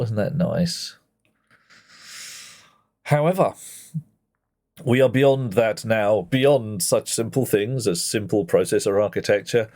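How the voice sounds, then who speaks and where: With a fairly low, somewhat mellow voice, a man streams a game and banters playfully with his viewers, greeting each by name in casual chat.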